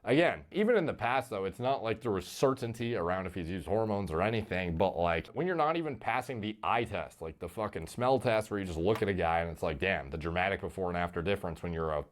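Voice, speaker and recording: A man's voice: sits low, animated, quick pace, few pauses. A man giving casual, profane commentary about a fighter's physique in a video played on stream.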